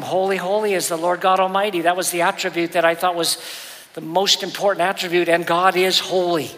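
Male pastor, sermon delivery with animated quoted lines; bright, forceful tone in a long-reverb church hall. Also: high-pitched. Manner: storytelling preacher, voices quotes with rising intensity. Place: church sanctuary.

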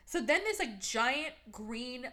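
A young woman hosting a podcast, casually recapping a movie with sarcasm, lots of fillers and quick quoted voices. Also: sits high, animated, fairly bright tone. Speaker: podcast host.

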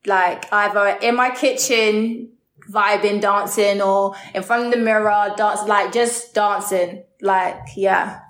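A woman in her thirties from England, answering interview questions in a chatty, relaxed way with lots of "like". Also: medium pitch, takes it slowly. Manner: chatty, lots of "like", laughs easily. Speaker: guest, model. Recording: roomy echo.

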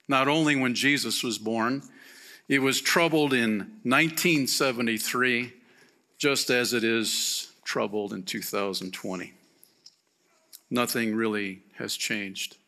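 Slow, bright-voiced man preaching. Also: medium pitch. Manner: slow, emphatic preaching with rhetorical questions. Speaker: pastor. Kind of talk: sermon.

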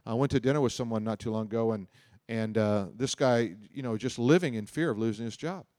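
A man's voice: mid-range voice, brisk, darkish tone, no room sound, studio quality. A middle-aged man preaching a sermon in a loose, conversational storytelling way, often repeating himself and adding asides. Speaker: pastor. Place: church auditorium.

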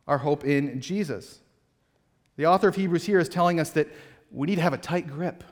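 A man preaching a sermon as a pastor, earnest and putting direct questions to his congregation. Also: medium pitch. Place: church sanctuary. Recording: long reverb of a church hall.

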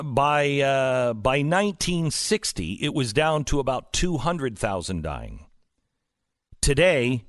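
A man's voice: mid-range voice, no room sound, studio quality. A male talk show host delivering an opinionated political monologue, emphatic and sarcastic, full of rhetorical questions.

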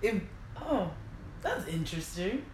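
A woman's voice: mid-range voice, sing-song, a little slow. A young woman in casual chat, mostly listening with short murmurs of agreement and teasing quips. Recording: echoey room with faint noise.

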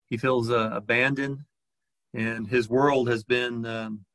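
A man leads a reflective sermon, pausing often and restarting his phrases. His voice has a bright, forward tone. The sound is dry and close. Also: mid-range voice, little pitch movement, dry recording. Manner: hesitant, many fillers and restarts. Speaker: pastor.

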